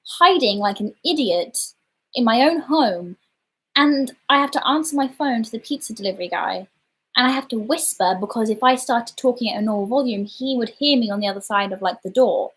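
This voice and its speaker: A woman's voice: fairly high pitch, lively intonation, fairly quick, slightly rough. Woman, casual livestream storytelling, rambling, self-deprecating. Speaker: livestream host.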